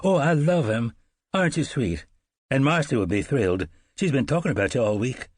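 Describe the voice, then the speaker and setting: A man's voice: mid-range voice, animated, a little fast, no echo, clean studio sound, pitched above the performer's own voice, close to an everyday voice. A man voicing an effusive elderly woman from the American South in an audiobook, with a Southern drawl and gushing, drawling speech. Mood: delighted.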